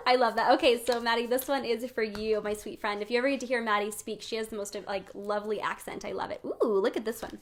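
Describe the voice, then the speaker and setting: Bubbly woman with a bright high voice. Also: fast talker, few pauses. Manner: bubbly and chatty, laughs often; encouraging, speaks directly to viewers. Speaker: host of a live weekly card pull. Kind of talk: live-streamed casual spiritual coaching.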